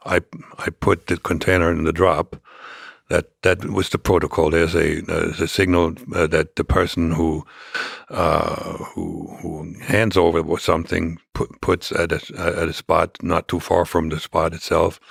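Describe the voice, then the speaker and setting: Older man, deep gravelly voice, halting storyteller, dry close sound. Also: no room sound. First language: German. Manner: halting, many restarts and fillers. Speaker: interview guest. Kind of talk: storytelling in an interview.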